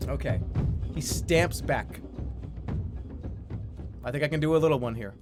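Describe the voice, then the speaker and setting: A man streaming a game, reading the game's text aloud and reacting excitedly, with swearing and mock boasting. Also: medium pitch, a little slow, over music.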